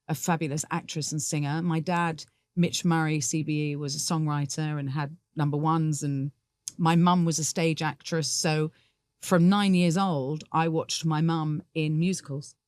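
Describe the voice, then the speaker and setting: A woman's voice: sits low, fairly even intonation, moderate pace, darkish tone, no room sound, clean studio sound. A middle-aged woman, a musical theatre actress, talking candidly and laughing easily in a podcast interview. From England.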